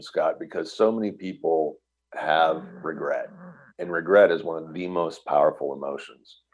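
A middle-aged man, an author and restaurant entrepreneur, is a guest on a radio interview, telling his story earnestly, emotionally and reflectively. His voice is very deep, husky and darkish, captured on a low-quality recording.

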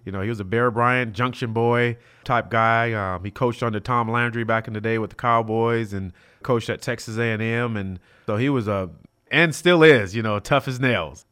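A middle-aged man from South Central Los Angeles spins stories as an interview guest, sprinkling in "you know" and "like." His voice sits at an ordinary middle pitch. He slips into the quoted lines of other people as he goes. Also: moderate pace, clear, resonant tone. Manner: animated, acts out quoted dialogue, many fillers like "you know". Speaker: guest, former college football player. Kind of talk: storytelling in a casual interview.

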